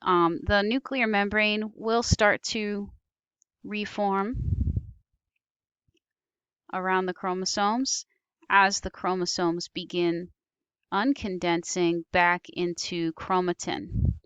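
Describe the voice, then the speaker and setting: A woman's voice: mid-range voice, steady tone, slow, long pauses, a bit bright, clean tone, dry recording. A woman teaching biology over slides, explaining patiently with occasional ums and self-corrections. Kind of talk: recorded slide lecture.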